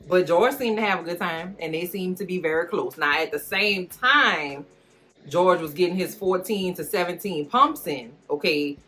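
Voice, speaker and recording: A woman with a low voice recaps a TV series for her vlog in a loose, comedic way. She piles on slang and jokes as she goes, and faint music plays behind her. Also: moderate pace. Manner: animated, slangy, cracking jokes. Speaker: recap vlogger. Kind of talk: comedic watch-along recap.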